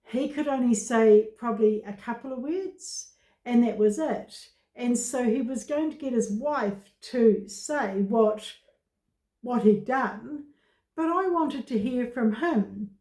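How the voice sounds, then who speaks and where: A woman vlogger talking to camera about her own experience, in slow, halting speech with many pauses and fillers. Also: on the high side, dark tone, echoey room. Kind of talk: casual personal talk to camera.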